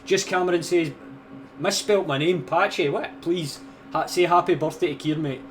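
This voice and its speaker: A young man with a Scottish accent chats loosely on his live stream, cursing and trading jokes. His voice sits a bit high for a man. A faint noise runs under the recording. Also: normal speed. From Scotland. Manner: swears freely, banters, reads out donations. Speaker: livestream host. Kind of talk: casual live-stream chat.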